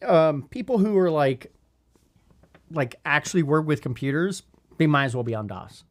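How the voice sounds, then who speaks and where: A man's voice: on the high side, lively intonation, normal speed. A man in his thirties co-hosting a leadership podcast, talking in a thoughtful, rambling way with many restarts. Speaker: podcast co-host. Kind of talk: casual leadership podcast chat.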